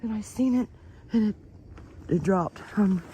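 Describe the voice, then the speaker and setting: A woman's voice: medium pitch, measured pace, dark tone, slight background noise. A woman filming herself in snowy woods at night on a handheld phone, frightened and often whispering. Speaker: live streamer. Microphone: handheld phone camera.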